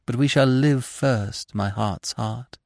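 A man's voice: mid-range voice, slow pace, creaky, no echo, studio quality. Man voicing a yearning ghost woman. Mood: tender. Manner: yearning, tender and pleading. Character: ghostly young woman, a burned witch, devoted lover. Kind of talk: dramatic audiobook reading.

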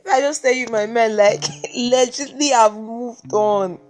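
A young Nigerian woman with a fairly high voice rambles through a casual solo podcast, dropping "like" between her thoughts. She has just woken up, and faint guitar music plays softly under her voice. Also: measured pace. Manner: chatty, rambling, fillers of "like". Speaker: podcast host.

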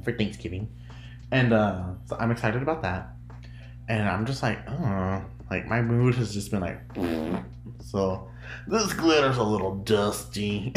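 A chatty podcast host from the United States talks in a loose, rambling way, often trailing off mid-thought and breaking into giggles. The pitch sits in a middle register but swings up and down with animated energy. The voice carries a noticeable room echo. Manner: rambling, giggly, self-interrupting. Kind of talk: casual solo podcast chat.

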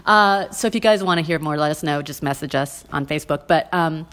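A woman co-hosting a casual podcast, telling a rambling anecdote with lots of ums and asides. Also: fairly quick. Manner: rambling with many ums, acts out her own quotes in a high excited voice. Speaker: podcast co-host. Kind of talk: casual storytelling chat.

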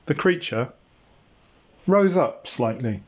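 A man narrating an improvised story in a playful, unhurried way. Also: mid-range voice, lively intonation. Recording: dull lo-fi sound.

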